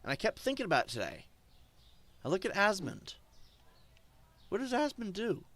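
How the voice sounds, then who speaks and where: A male streamer ranting defiantly to his chat, swinging between loud outbursts and low muttering. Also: huge pitch swings, moderate pace. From German. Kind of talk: casual stream rant.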